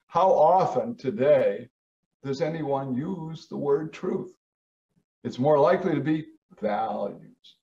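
A man giving a lecture, stressing key words with sharp rises in pitch. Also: lively intonation, measured pace, recorded from a distance, lo-fi sound. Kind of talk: lecture on founding history.

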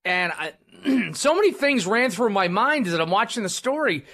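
A man's voice: sits high, big pitch swings, moderate pace, pushed and bright. A man hosting a talk radio show, rambling and self-deprecating, with lots of fillers and restarts, speaking into a studio microphone.

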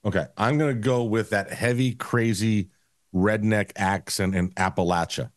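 A man with a low voice chats bluntly about college sports, rambling and making crude jokes. His speech is dry and close to the mic. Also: steady tone, moderate pace, dry recording. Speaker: podcast co-host. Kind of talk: casual sports chat.

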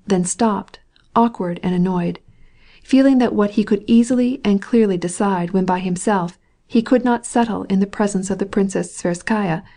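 Mellow woman reading an audiobook. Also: medium pitch. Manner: measured, steady reading. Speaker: narrator. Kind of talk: scripted audiobook narration.

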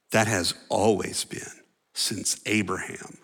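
A man preaching a sermon as pastor, animated, acting out voices and dropping at times to a near whisper. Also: medium pitch, unhurried. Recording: long reverb of a large hall.

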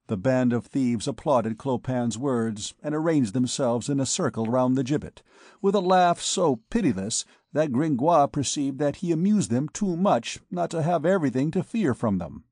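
A man narrating a classic novel in a steady, measured reading voice. The sound is close and dry, with a mid-pitched tone typical for a man. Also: slightly rough, no room sound. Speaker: audiobook narrator. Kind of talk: scripted narration.

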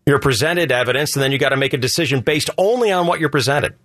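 A man's voice: medium pitch, quick pace, a bit bright, dry recording, studio quality. A male radio host talking in casual, joking banter, rambling and asking leading questions.

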